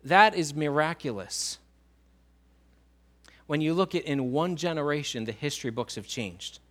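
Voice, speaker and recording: A man preaching a sermon in a church, swinging between loud emphasis and quiet low lines and drawing answers from the congregation. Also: measured pace. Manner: asks the congregation questions and writes on a whiteboard. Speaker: pastor.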